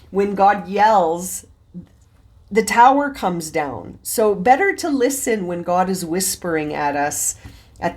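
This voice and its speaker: A woman's voice: on the low side, a little mellow. A woman giving a tarot reading, talking straight to the viewer in an earnest, encouraging way and thinking aloud with a few restarts. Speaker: tarot reader.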